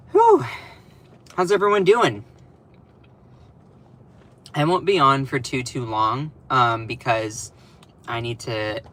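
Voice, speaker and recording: A man's voice: medium pitch, pushed and bright, a little hiss or hum. A young man hosting a casual livestream from home, chatty and rambling, self-deprecating, with laughs and restarts. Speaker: livestream host. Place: at home over breakfast.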